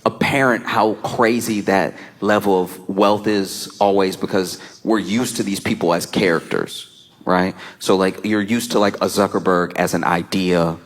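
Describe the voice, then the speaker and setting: Guy doing standup, animated storyteller, laughs mid-line, quick little character asides. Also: sits low. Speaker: comedian. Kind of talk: stand-up comedy monologue.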